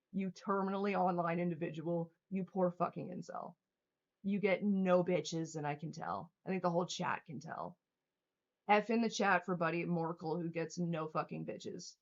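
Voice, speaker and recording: A young woman livestreaming, ranting angrily at her chat in a heated, profane, sarcastic way. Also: fairly low pitch. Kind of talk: angry livestream rant reading chat. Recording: dull lo-fi stream audio.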